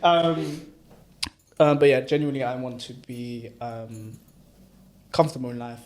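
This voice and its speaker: A man's voice: mid-range voice, little pitch movement, unhurried, darkish tone. A young man, hosting a podcast in casual, jokey talk full of fillers. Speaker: podcast host. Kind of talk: casual chat.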